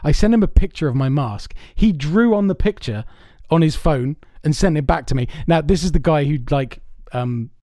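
A podcast co-host with a slightly high, expressive, mellow voice speaks at normal speed with few pauses, the studio-quality sound carrying no echo. He's chatting casually from a soundproofed home setup, telling rambling stories full of laughter and swearing.

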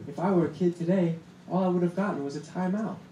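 A young man doing a stand-up set on a comedy club stage, punchy and deadpan, with laughter behind him. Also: high voice, fast. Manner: punchy deadpan delivery with acted-out quotes. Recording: roomy club sound with noise. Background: audience laughter.

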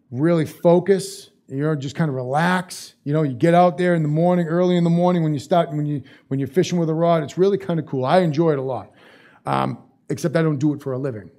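A man's voice: on the high side, gravelly, warm tone. A male pastor preaching a sermon in a casual, conversational way, repeating phrases for emphasis.

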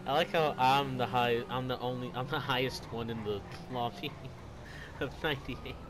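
A young man chatting casually while gaming, excitable, joking and taunting his friends. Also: mid-range voice, normal speed. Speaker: gamer. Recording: voice chat over loud game noise.

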